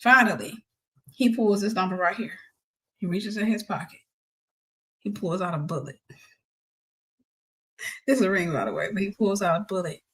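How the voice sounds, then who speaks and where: A woman host telling a personal story in an animated way, laughing and acting out the voices of the people in it. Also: mid-range voice, normal speed, long pauses.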